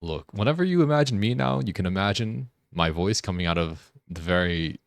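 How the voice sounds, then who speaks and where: Very deep-voiced joking male streamer. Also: normal speed, vocal fry, no room sound, studio quality. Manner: joking and playful, often laughing; gets excited and rambling when riffing. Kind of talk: casual live-stream chat while gaming.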